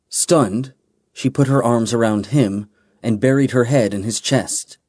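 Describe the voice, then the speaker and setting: A man narrating a fantasy novel in a measured, deliberate way. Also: medium pitch, a little mellow, breathy edge, no room sound, clean studio sound. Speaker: audiobook narrator.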